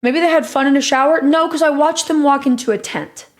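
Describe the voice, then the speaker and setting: A woman's voice: high-pitched, fairly quick. A woman streamer telling a rambling story in a casual, profane way, often laughing.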